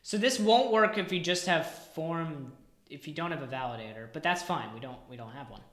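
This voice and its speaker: A man's voice: fairly high pitch, expressive, fairly quick, a bit bright. A man live-streaming as he codes, thinking aloud and muttering in exasperation, sometimes dropping almost to a whisper. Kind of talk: thinking aloud while coding. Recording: roomy echo.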